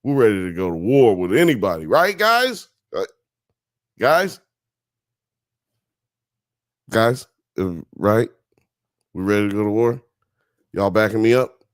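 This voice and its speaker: A man's voice: fairly low pitch, moderate pace, darkish tone, dry recording, clean studio sound. A man hosting a live-streamed talk show, chatting casually and profanely, joking with the audience and reading chat comments aloud.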